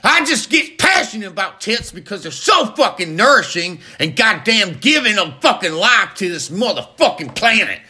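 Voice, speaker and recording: A man voicing a crude, excitable country man who rambles loudly and swears a lot. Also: lowish voice, moderate pace. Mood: rowdy. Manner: loud, rambling, crude and profane.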